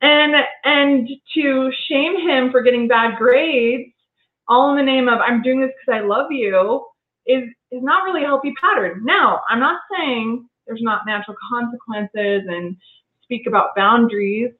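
A woman's voice: on the high side, measured pace. A woman talking earnestly in a casual conversation, reflective and prone to restarting her sentences. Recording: tinny phone-line sound in an echoey room.

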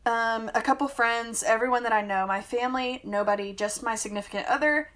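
A woman co-hosting a podcast in casual chat, animated and giggly, quick to laugh. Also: fairly high pitch. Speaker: podcast co-host.

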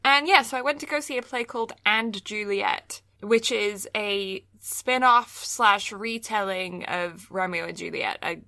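Bright, chatty young woman ranting. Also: medium pitch, unhurried, creaky, hardly any pauses, dry recording, studio quality. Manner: chatty, ranting, frequent fillers and laughs. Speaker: podcast co-host. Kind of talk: casual chat.

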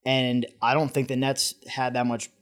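A man's voice: mid-range voice, level tone, moderate pace. A man speaking as a podcast guest, a blunt sports fan who swears and gets fired up. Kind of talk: casual podcast banter.

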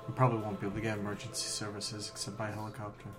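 A man's voice: fairly low pitch, monotone, very fast. Hesitant man asking questions at play. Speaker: player. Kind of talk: casual tabletop play. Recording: background music.

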